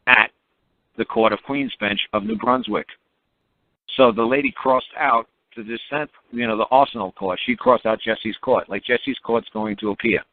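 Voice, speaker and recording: A man's voice: on the low side, gravelly. A man telling stories in a blunt, emphatic, repetitive way on a call-in radio show, often laughing at his own stories. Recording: tinny phone-line radio audio.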